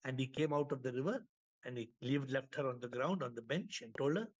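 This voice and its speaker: A spiritual teacher with a darkish, mid-range male voice talks fairly quickly, giving a talk full of parables in which he repeats phrases and acts out the characters' voices. The recording is dull and lo-fi.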